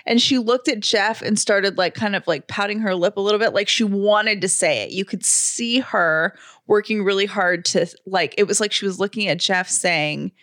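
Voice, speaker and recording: A woman's voice: medium pitch, normal speed, no room sound. Young woman co-host, bubbly and gushing, dry studio sound. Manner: gushing, excitable storytelling. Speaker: podcast co-host. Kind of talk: casual chat.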